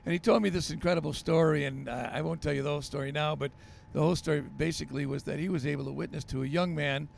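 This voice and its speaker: A pastor spinning stories for a podcast, animated and full of little ums and uhs. His voice sits a bit high for a man and carries a gravelly fry. A faint hiss runs under it. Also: fast talker. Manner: animated storyteller with many fillers. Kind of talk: storytelling on a podcast.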